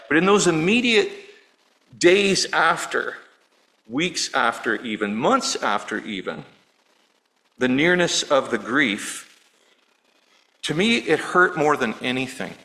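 A middle-aged male pastor preaching a sermon in an earnest, personal way, dropping low and quiet on words of grief. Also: expressive, a little slow, rough recording. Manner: earnest, personal, softening to near-hush on grief.

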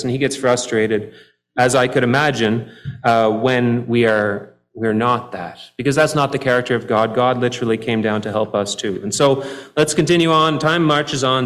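A man preaching a sermon, walking through scripture verse by verse, his delivery swinging from soft, drawn-out phrases to emphatic rises. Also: mid-range voice. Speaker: pastor.

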